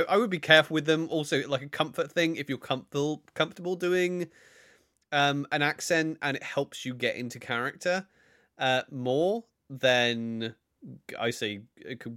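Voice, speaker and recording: Halting male podcast co-host. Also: mid-range voice, bright, forceful tone, dry recording, studio quality. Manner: earnest, stumbling advice with frequent restarts. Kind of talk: casual podcast chat.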